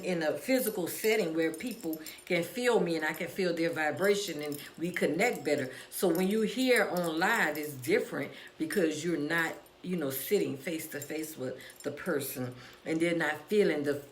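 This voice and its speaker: A woman's voice: lowish voice, fairly bright tone, slight background noise. Echoey woman preaching self-love. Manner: preachy, encouraging, addresses viewers as y'all. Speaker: livestream host and author. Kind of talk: motivational live stream talk. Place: her cafe, indoors. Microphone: phone or camera live stream.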